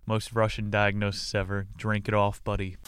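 A man's voice: on the low side, completely flat delivery, normal speed, fairly bright tone, smooth, natural voice. A man voicing a chummy male friend who hands out breezy, folksy advice. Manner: breezy, matey.

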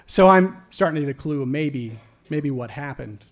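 A middle-aged man telling a personal story live, wry and animated, rising to loud outbursts. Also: fairly high pitch, normal speed.

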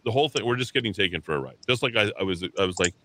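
A man's voice: fairly low pitch, rapid-fire. A tired man hosting a talk radio show, ranting bluntly and combatively about politics. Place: radio studio. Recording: steady keyboard typing and clicks behind.

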